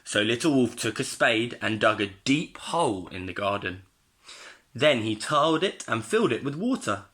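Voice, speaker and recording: A male primary school teacher reading a storybook aloud to his pupils in an expressive way. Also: medium pitch, moderate pace.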